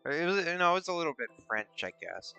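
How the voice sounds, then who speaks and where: A man hosting a casual stream, rambling and musing aloud in a playful way. His voice moves animatedly up and down, with a bright, smooth tone. The sound is dry and close to the mic, with faint music underneath. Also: a little high, sing-song, quick pace. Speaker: streamer host.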